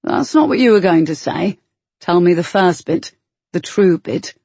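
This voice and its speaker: A woman reading an audiobook, voicing a brooding man who runs a warehouse, in a low, clipped, teasing way. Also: lively intonation, a little slow, mellow, husky, dry recording, exaggerated voice. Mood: wry.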